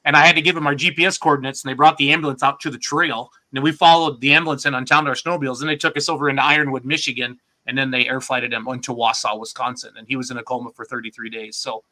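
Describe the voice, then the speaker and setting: A man's voice: mid-range voice, steady tone, very fast, hardly any pauses, bright, forceful tone. A man hosting a casual podcast, joking and self-deprecating in easy banter.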